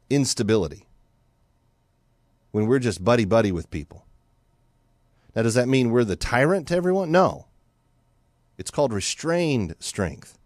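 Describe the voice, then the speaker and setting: A man's voice: mid-range voice, no room sound, studio quality. An American man hosting a talk radio show, speaking animatedly and sometimes mocking in a monologue. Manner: animated, mocking, acts out other voices. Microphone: studio microphone.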